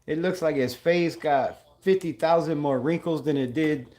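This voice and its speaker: A livestream host with a slightly high voice, speaking at a normal speed, runs a live game-watch stream. He's excitable and blunt, calling plays, griping about flags and greeting viewers in chat.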